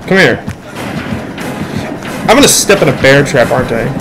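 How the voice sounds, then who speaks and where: A teenage boy giving loose, excitable commentary while playing a game, yelling at teammates and mocking himself. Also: mid-range voice, normal speed, low-quality recording. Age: teens. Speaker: gamer. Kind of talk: let's play commentary. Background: game music.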